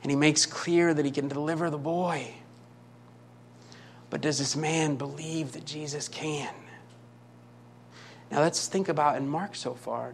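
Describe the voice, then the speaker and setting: Guy preaching hard, high voice, keeps repeating lines and asking the crowd questions. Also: slight background noise. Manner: impassioned, emphatic repetition, rhetorical questions. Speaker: pastor. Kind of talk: sermon.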